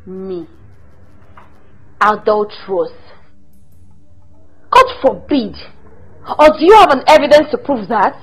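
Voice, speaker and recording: Cast a woman as a sarcastic wife, high and animated, slow to speak. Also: faint music behind, poor audio. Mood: indignant. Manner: lively, sarcastic, laughs often. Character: sharp-tongued wife, defiant and mocking. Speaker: wife accusing her husband.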